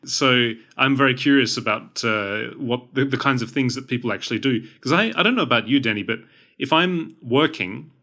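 An Australian man co-hosting a relaxed podcast, his voice bright and a little tense. He wanders through his thoughts in easygoing chat, often poking fun at himself. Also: medium pitch, normal speed. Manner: meandering, self-deprecating talk. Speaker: podcast co-host. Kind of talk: casual chat.

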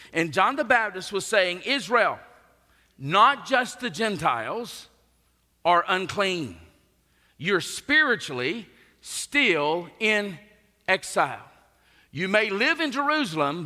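A man preaching a sermon as pastor, earnest and emphatic, with his voice swinging between forceful rises and quiet drops. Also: fairly high pitch. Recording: long reverb of a large hall.

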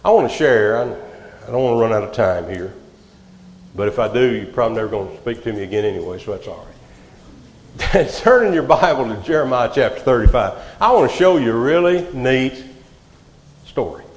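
A man preaching a sermon, swinging from loud outbursts to hushed, quiet lines. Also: medium pitch, expressive, fairly quick. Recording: echoey hall, reverb.

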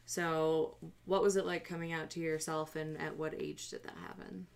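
Low-voiced woman hosting a podcast. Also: little pitch movement, moderate pace, gravelly, smooth. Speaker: podcast host.

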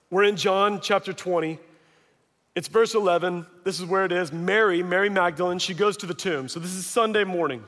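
A man preaching a sermon, retelling scripture as lively storytelling and acting out the quoted voices. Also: high-pitched. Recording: long hall reverb.

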